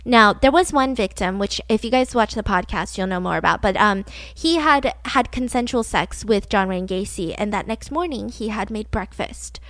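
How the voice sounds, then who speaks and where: A woman's voice: mid-range voice, expressive, normal speed, few pauses, fairly bright tone, no room sound. A woman co-hosting a podcast, telling a true-crime story casually, filler-heavy and acting out the quotes. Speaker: podcast co-host.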